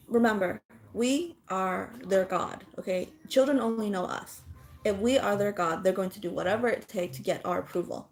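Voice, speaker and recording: A woman's voice: medium pitch, fairly quick. A woman speaking as a mother, giving blunt parenting advice in casual chat with viewers and swearing freely.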